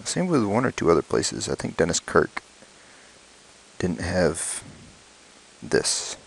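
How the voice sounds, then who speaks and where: A man unboxing motorcycle gear at home late at night, talking quietly and slipping into excited whispers so as not to wake a sleeping child. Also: low-pitched, takes it slowly, creaky, husky, rough recording. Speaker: motorcycle vlogger. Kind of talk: casual unboxing vlog.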